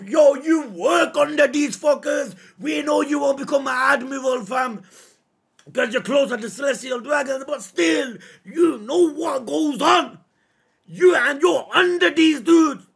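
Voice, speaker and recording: A high-pitched man with a raspy, gravelly voice, reacting live to a manga chapter. He talks slowly and emotionally, swinging from outraged shouting to low, slangy muttering.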